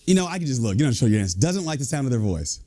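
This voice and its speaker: A man, an executive coach and leadership speaker, giving a lively, joking talk to a live audience. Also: medium pitch, very fast. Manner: lively, joking, animated delivery.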